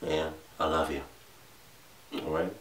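A man's voice: extremely low pitch, flat delivery, slow pace. A young man hosting a casual reaction vlog, talking in slang, swearing and laughing. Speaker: reaction video host. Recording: echoey room, distant mic.

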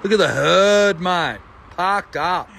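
A man's voice: high-pitched, takes it slowly, vocal fry, a bit bright, a little hiss or hum. A man filming a group ride and joking with heavy swearing. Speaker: vlogger. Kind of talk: casual ride commentary.

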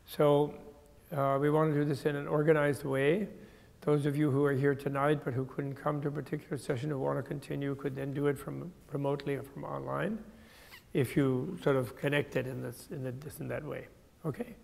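A man's voice: fairly high pitch, flat delivery, fairly quick, vocal fry, darkish tone. An older man teaching a class on Buddhist terms, explaining thoughtfully and restarting his sentences as he goes. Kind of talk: lecture to a class. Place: lecture hall. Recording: reverberant hall.

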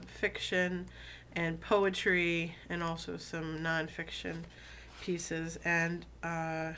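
Sick woman vlogger, voice dropped low, slow and easy, bright tone, reads poems aloud. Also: a little hiss or hum. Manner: relaxed, many um fillers, deliberate drawn-out reading. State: sick, voice lower than usual. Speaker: video blogger reading poetry. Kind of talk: casual chat and slow poetry reading.

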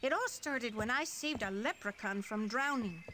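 A young boy recounts his fairy-world adventures in little rhyming verses, as a woman voices him. The voice is high and bounces through a wide range. It plays as a children's computer game role. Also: lively intonation, moderate pace, noisy background, close to an everyday voice. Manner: storytelling in rhymed verse. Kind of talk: 1990s educational game voice acting.

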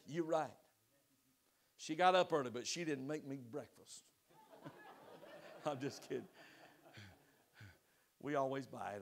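A man preaching a sermon to his congregation, swinging between loud exhortation and soft pleading and asking them direct questions. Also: fairly high pitch. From United States. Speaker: pastor. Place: church sanctuary.

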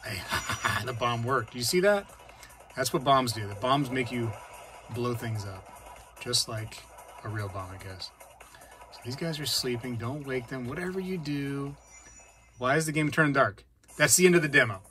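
A man hosting a casual hobby vlog, chatting and reacting out loud while he plays a game. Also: medium pitch, moderate pace, long pauses, music in the background. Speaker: coin-collecting channel host.

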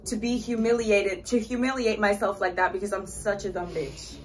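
A woman's voice: medium pitch, steady tone, normal speed. A woman in her twenties co-hosting a casual storytime vlog, giggly and self-mocking, swearing as she reacts. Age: 20s. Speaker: co-host.

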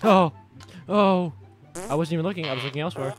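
A young man playing a video game and commenting on it, shifting from mumbled remarks to sudden loud yelps and curses. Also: on the high side, fast, pauses often. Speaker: gaming YouTuber. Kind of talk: let's play commentary. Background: game music.

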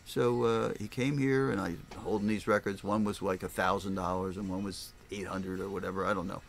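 A man's voice: sits low, a little fast, vocal fry. Older man telling rambling stories. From Philadelphia area, US. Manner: animated, rambling, acts out voices. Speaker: record store owner. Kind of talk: casual storytelling.

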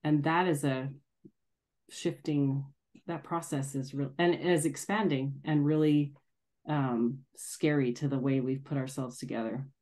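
A woman's voice: extremely low pitch, fairly even intonation, measured pace, dark tone. A woman hosting a casual group conversation, talking in a reflective way and laughing easily. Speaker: group discussion host.

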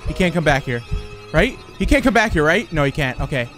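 High, jumpy young male gamer. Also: a little fast, music in the background. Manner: jumpy and excitable, switching between hushed whispers and panicked yelps. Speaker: gaming YouTuber. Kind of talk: horror game commentary.

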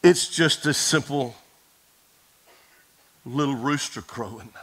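A man preaching a sermon to a congregation, telling a story dramatically, sometimes dropping to a hush and sometimes rising to a shout, and speaking straight to his listeners. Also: medium pitch, takes it slowly, breathy edge, rough recording. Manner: addresses the congregation directly. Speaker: pastor.

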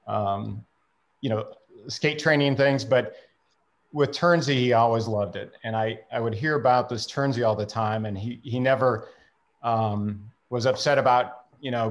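A middle-aged father giving earnest, stumbling thanks on a video call. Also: mid-range voice. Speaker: father of a hockey player.

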